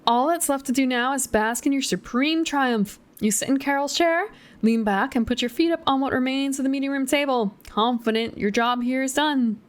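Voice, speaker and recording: A woman's voice: sits high, normal speed. A young woman streamer reading a choose-your-path gamebook aloud, with chatty, giggly, self-deprecating asides.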